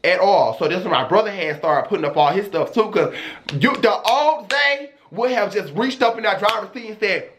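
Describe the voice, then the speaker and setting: A young man, a streamer, telling a dramatic storytime in a sassy, animated way. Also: high voice. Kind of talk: storytime vlog.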